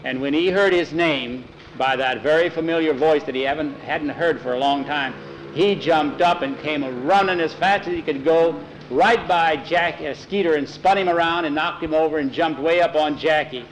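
Homespun guy reading a kids' story out loud, bit of a higher voice, trips over words now and then. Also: moderate pace, a little hiss or hum, poor audio. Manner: folksy, homespun, with small slips and self-corrections. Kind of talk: telling a children's story aloud.

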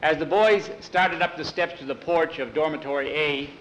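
Male storyteller, unhurried, slightly high voice, faint background hiss. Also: a bit bright, poor audio. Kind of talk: reading a story aloud.

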